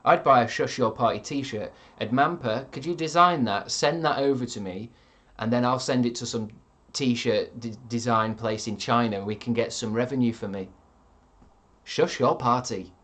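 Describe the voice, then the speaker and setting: A man in his thirties, a streamer chatting casually and reading out viewer comments in a deadpan, sardonic way with plenty of swearing. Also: mid-range voice, normal speed, few pauses.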